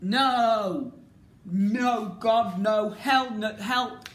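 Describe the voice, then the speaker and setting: A woman giving a casual, ranting review as a vlogger, exasperated and repetitive, swinging between loud outbursts and low muttering. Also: extremely slow. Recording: echoey room with faint background noise.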